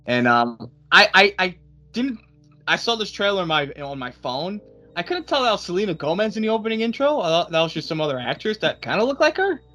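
A man with a fairly high, very lively voice talks casually on a podcast, his pitch swinging a lot. He often trails off and restarts as he hunts for words. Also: fairly quick, soft background music. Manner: animated, trailing off and restarting when unsure. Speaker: podcast co-host. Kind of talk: casual chat.

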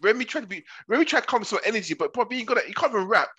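A man's voice: sits high, animated, very fast, bright, forceful tone, husky. A young man retelling reality-show drama in casual slangy chat, voicing the people he quotes.

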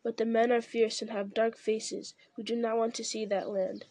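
A woman voicing a wretched, groveling male creature in an audiobook reading, in a hushed, wheedling way. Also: on the high side, little pitch movement, normal speed, no room sound. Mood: wistful.

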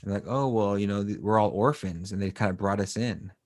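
A man with a lowish voice chats casually as a podcast co-host, retelling an anime episode. He rambles and restarts with plenty of fillers. The sound is dry and close, with no room in it. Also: a little fast, darkish tone, no room sound.

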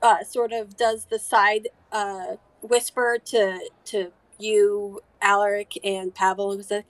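A woman narrating as game master of a tabletop game, halting often with fillers and restarts. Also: medium pitch, little pitch movement, no room sound.

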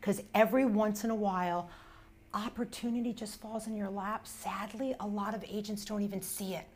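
A woman's voice: mid-range voice, fairly even intonation, moderate pace, a little mellow, slight background noise. A woman in her forties, a real estate agent and team coach, talking emphatically in a casual chat.

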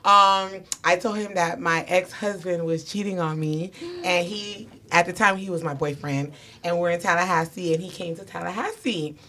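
A woman with a bright, forceful voice, chatting casually among friends. She tells her stories with animation and acts out the other people's lines as she goes. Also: fairly low pitch, moderate pace. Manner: animated storyteller, acts out quotes. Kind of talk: casual group chat.

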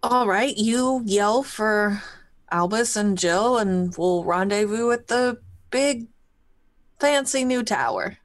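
A woman playing a tabletop game, talking in character with an animated, easy-laughing manner. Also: mid-range voice, slow pace, dry recording.

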